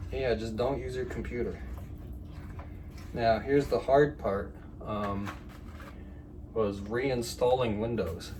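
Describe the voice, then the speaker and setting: A man's voice: on the low side, mellow, recorded from a distance, a little hiss or hum. A man vlogging in a home kitchen, telling a story and giving tips in a rambling, chatty way with lots of fillers while he cooks. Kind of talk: casual talk while cooking. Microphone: phone set at a distance.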